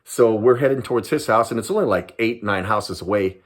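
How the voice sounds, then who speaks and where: A man's voice: fairly low pitch, a little fast, slightly rough. An older man from Southern California, a retired police sergeant, telling a story to camera in a casual way. He repeats himself and keeps dropping in "man".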